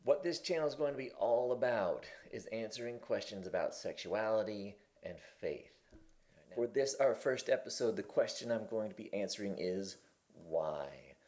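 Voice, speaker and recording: This is a casual to-camera talk by a man in his forties who runs his own channel, speaking frankly from his kitchen table with frequent restarts. His lowish, darkish voice is animated and moves at a moderate pace.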